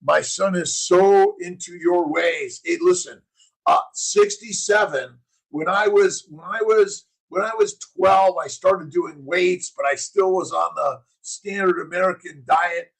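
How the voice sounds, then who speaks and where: Gravelly, husky man preaching to his chat. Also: sits high, unhurried, low-quality recording. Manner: preachy, punchy slogans, reads and answers chat comments. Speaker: physician hosting a morning livestream. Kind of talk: casual motivational livestream chat.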